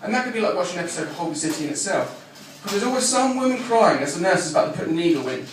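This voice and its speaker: High, lively stand-up comic. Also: male voice, racing, background noise. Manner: deadpan one-liners, brash and crude. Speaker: stand-up comedian. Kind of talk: live stand-up routine. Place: comedy club stage. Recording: echoey live room from far off, audience laughter. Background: audience laughing.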